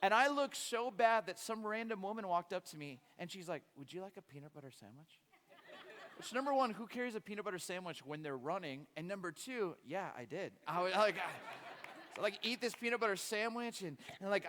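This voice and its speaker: A man with a high voice tells a long comic story from the pulpit, animated and full of stammered restarts. His voice rings through a church with a long reverb tail. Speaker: guest preacher. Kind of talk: sermon with a humorous story. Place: church sanctuary.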